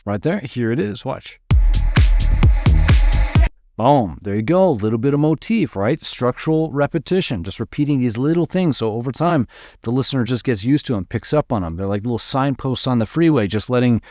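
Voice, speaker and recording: A man teaching music production in a relaxed, upbeat way, walking through a dance track and sometimes mimicking its sounds with his voice. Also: medium pitch, normal speed. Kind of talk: screen-recorded music production tutorial. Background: dance track playing faintly.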